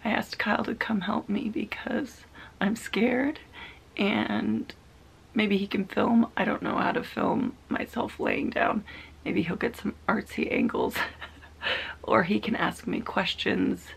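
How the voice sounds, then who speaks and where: A woman in her thirties recording a personal video diary, talking in a soft, halting, confiding way that often drops to a half-whisper. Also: medium pitch, big pitch swings, creaky, slightly rough. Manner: emotional, confiding. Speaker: vlogger.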